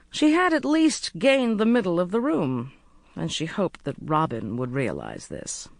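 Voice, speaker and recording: An audiobook narrator reading a mystery novel in a measured, expressive storytelling manner, close to the microphone. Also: mid-range voice, no room sound.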